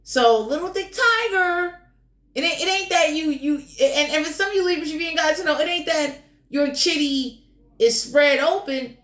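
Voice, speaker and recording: A woman's voice: high-pitched, normal speed, fairly bright tone, roomy sound. A woman giving a casual general tarot reading in a blunt, crude, joking way, swearing freely. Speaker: tarot reader.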